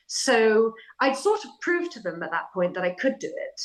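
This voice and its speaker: A middle-aged woman, talking as a guest in a podcast interview. She tells her stories in a lively, chatty way, with self-deprecating humour and an easy conversational pace. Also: fairly high pitch, moderate pace, few pauses, poor audio. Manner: animated, chatty anecdotal telling with self-deprecating laughs. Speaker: author guest. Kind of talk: casual interview storytelling.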